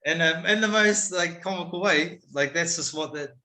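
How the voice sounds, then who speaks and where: A man's voice: a little high, moderate pace, bright, forceful tone. A man, a guest telling a story casually and candidly, swearing freely. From New Zealand. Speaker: guest, MMA fighter. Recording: roomy echo.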